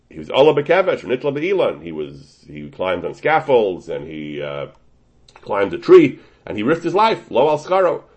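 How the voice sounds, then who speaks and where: In a dull lo-fi recording, a Torah teacher with a lowish, husky voice leads a Talmudic-style lecture. He moves through the source methodically, often breaking off to restart sentences.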